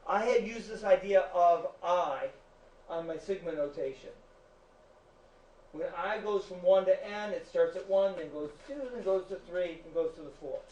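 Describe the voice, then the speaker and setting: Male teacher, high voice, lecturing a class in a chatty, joking way, echoey room, far-off mic. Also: mellow, lo-fi sound, slight background noise. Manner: chatty, jokes with students.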